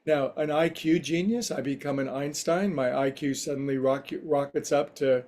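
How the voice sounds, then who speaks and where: A man giving a spiritual talk to a livestream group as meditation teacher, telling a story in a gentle, reflective way. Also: fairly high pitch, fairly even intonation, normal speed, hardly any pauses.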